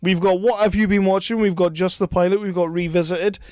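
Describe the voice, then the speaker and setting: A man's voice: high-pitched, steady tone, a little fast, a little mellow, no room sound, studio quality. A man hosting a podcast, bantering and teasing his co-host in casual chat.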